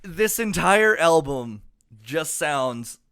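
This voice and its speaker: A man co-hosts a laid-back comedy album review podcast. His voice is bright and crisp. He rambles loosely, full of fillers and casual swearing. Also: a little high, lively intonation, slow pace. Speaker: podcast co-host.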